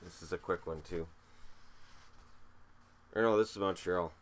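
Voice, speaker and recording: A Canadian man with a cold hosts a casual show-and-tell hockey vlog, counting items aloud while joking and poking fun at himself. His voice is deep and his delivery unhurried.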